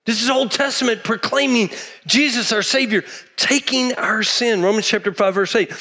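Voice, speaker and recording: A man's voice: very high voice, moderate pace, sharp tone. A middle-aged man from Texas, preaching a sermon emphatically and repeating key phrases. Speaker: pastor.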